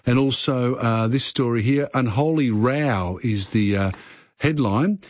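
An Australian man hosting talk radio, reading the morning headlines in a relaxed, halting way with many fillers. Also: mid-range voice, muffled recording. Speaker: radio host.

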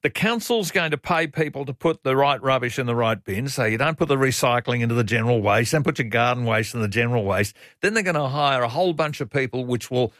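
A man's voice: medium pitch, lively intonation, fast talker, hardly any pauses, fairly bright tone, no room sound. An Australian man hosts talk radio from a studio, speaking blunt and emphatic opinions. The mic is close and dry, with no room sound. He often stumbles over and repeats his words as he presses his point. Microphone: studio microphone.

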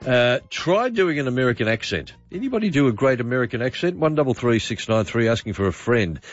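A middle-aged Australian man hosting overnight talkback radio, musing aloud with frequent pauses and fillers. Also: mid-range voice, sing-song, no room sound, lo-fi sound. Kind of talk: late-night talkback radio. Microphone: studio microphone.

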